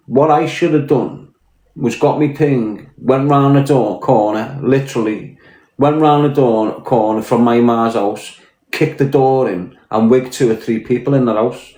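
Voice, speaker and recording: A man with a Scouse accent from Liverpool, talking bluntly and full of swearing in a casual live-stream rant. His voice sits at a middle pitch. It rings in an echoey room. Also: mellow. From Liverpool, England. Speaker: podcast host.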